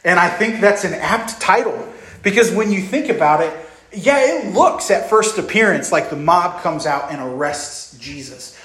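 A young male pastor delivers a sermon in a slightly high voice, talking conversationally and asking the congregation questions. The sound carries in a roomy, echoey church hall. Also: lively intonation, moderate pace, a bit bright.

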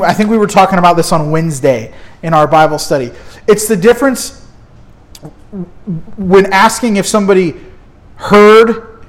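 A man preaching a sermon as pastor, emphatic, asking the congregation rhetorical questions and repeating key words. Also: sits high.

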